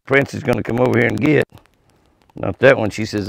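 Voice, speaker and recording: A folksy man with a gravelly edge to his voice, coaxing deer to come eat out of his hand. His words sound dry and close, with no room around them. He chats easily to the animals and to his viewers. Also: medium pitch, sing-song, slow, long pauses, a bit bright, no room sound. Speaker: deer ranch vlogger. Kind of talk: casual talk to animals and viewers. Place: outdoors at a deer pen.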